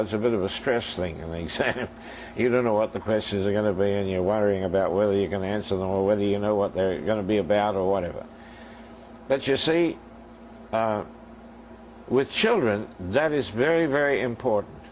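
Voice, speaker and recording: A man's voice: on the low side, a little hiss or hum, poor audio. An older man preaching a sermon as a minister, telling stories and acting out their dialogue for his congregation.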